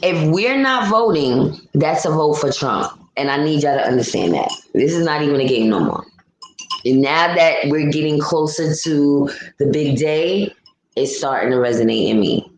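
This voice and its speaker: A woman's voice: sits low, expressive, moderate pace, reverberant, slight background noise, low-quality recording. A woman hosting a casual livestream, ranting bluntly and reading out chat comments. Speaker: livestream host. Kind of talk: casual live-stream commentary.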